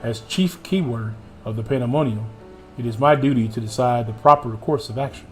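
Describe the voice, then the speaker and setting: A man's voice: mid-range voice, fairly quick. A male gaming streamer reads the story dialogue aloud with dramatic emphasis. His voice sits in an ordinary middle register. He breaks off now and then for playful asides to his viewers, over faint game music. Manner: theatrical reading, playful asides to chat.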